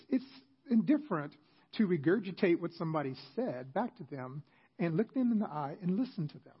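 A man's voice: high voice, husky, muffled recording. A middle-aged man, a pastor, giving an earnest, conversational sermon with self-deprecating asides.

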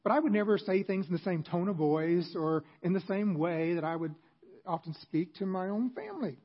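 A man's voice: high-pitched, fairly even intonation, normal speed, dull audio. A middle-aged man, a pastor, giving an earnest, conversational sermon with self-deprecating asides.

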